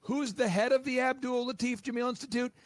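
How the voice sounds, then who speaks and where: A man being interviewed as a business coach and podcast host, talking in an animated, emphatic, rapid-fire way. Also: extremely high pitch, no echo.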